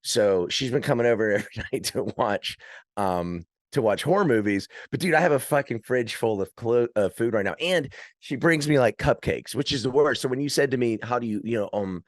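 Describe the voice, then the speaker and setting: A man's voice: mid-range voice, lively intonation, brisk, no echo, clean studio sound. A man, a podcast guest, chatting casually and telling rambling stories with frequent laughs. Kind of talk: casual chat.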